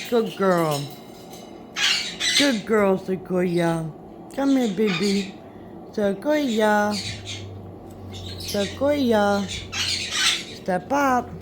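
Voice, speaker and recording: With loud parrot squawks and background noise behind her, a woman in a mid-range voice babbles sing-song baby talk to her pet birds. As host of her channel, she urges them to step up and talk for the camera.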